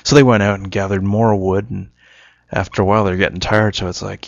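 A man's voice: lowish voice, little pitch movement, brisk, gravelly, no room sound, highs cut off. A man telling a joke and musing in a casual, rambling monologue, often correcting himself.

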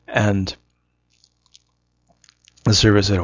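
A man with a lowish voice spins a casual, meandering story and then muses aloud, stopping to correct his own words. The recording is dry and a little dull, like a home setup with no room sound. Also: moderate pace, no room sound. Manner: rambling, self-correcting, musing.

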